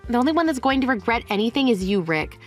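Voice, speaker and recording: Woman playing a firm, cutting, high-voiced young divorcee. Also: sing-song, quick pace, faint music behind. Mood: defiant. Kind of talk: dramatized story voice acting.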